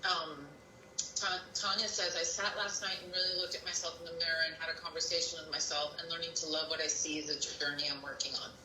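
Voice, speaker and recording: A woman's voice: deep voice, level tone, quick pace, sharp tone, distant mic, a little hiss or hum. A woman co-hosting a live stream, chattily reading viewer comments aloud. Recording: roomy sound from off-mic.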